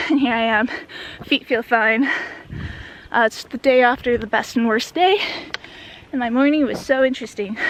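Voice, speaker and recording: A young woman from Wisconsin telling a casual hiking story, chatty and full of "like" fillers, recorded outdoors on a mountain trail. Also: high-pitched. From Wisconsin, USA. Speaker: hiker vlogger. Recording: outdoor noise in background.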